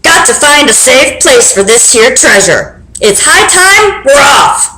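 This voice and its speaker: A woman's voice: a little high, expressive, measured pace, bright, forceful tone, slight background noise. Woman putting on a blustering pirate captain. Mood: bellowing. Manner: hearty, bellowing pirate talk. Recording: roomy echo.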